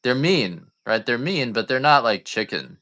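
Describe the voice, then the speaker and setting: A man's voice: medium pitch, sing-song, normal speed, pushed and bright. A man, a coffee farmer selling on a live stream, chatting casually and going off on rambling, joking rants.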